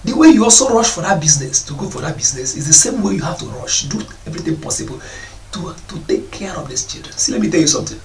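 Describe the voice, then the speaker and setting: A man's voice: a little high, expressive, quick pace, few pauses, slight background noise. A man giving a preaching talk to parents about responsibility, scolding them and mocking their excuses. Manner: scolding, mocks parents in put-on voices. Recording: echoey room, voice from a distance.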